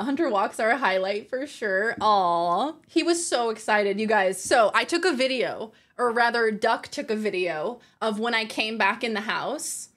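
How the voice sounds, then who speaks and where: A woman's voice: medium pitch, a bit bright. A woman streamer chatting casually with her viewers, laughing often and reading their messages aloud.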